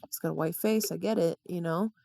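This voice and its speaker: A woman's voice: lowish voice, fairly quick, creaky, background noise. A woman from the American South co-hosting a podcast, chatting casually about a film and hedging with lots of "like". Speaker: podcast co-host.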